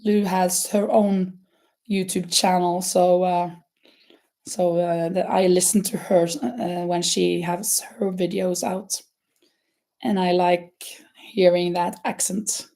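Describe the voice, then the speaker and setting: A woman's voice: fairly low pitch, little pitch movement, takes it slowly, creaky, mellow. A woman hosting a crochet livestream, chatting casually with viewers, with many fillers and restarts and frequent laughs. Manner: laughs often.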